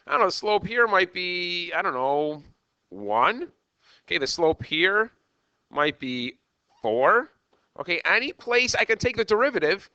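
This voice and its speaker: A man teaching a math lesson as a teacher, animated and checking in with "okay" again and again. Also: high-pitched, no echo, muffled recording. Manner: animated, repeats "okay" often. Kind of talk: classroom lecture.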